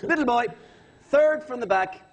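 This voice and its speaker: Comedian doing an older presenter, higher, condescending, repetitive, studio audience. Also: male voice, lively intonation, normal speed, a crowd in the background, noisy background. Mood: patronising. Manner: preachy, patronising, repeats phrases. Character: veteran male TV presenter, older, grandly condescending.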